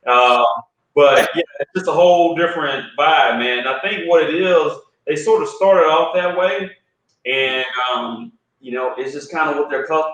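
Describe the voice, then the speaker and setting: A male coffee roaster on a remote call, calmly walking through a brewing demo step by step and saying "man" a lot. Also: fairly high pitch. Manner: laid-back, explains step by step, says "man" a lot. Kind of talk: casual chat and brewing demo. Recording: echoey room far from the mic.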